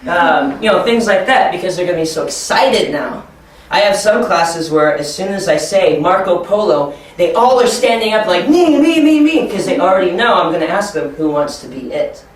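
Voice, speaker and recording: A man training teachers, talking encouragingly and acting out excited children in a high voice. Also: moderate pace. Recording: echoey room from far off.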